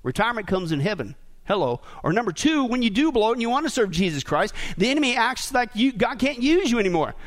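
High-pitched animated male pastor. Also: fast. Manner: animated, talks to the congregation directly; frequent tag questions like "right?" and "okay?". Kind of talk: sermon with a joke.

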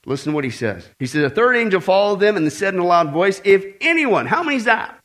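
A man preaching a sermon to a congregation, emphatic and animated, with joking asides and repeated warnings. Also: sits high, quick pace.

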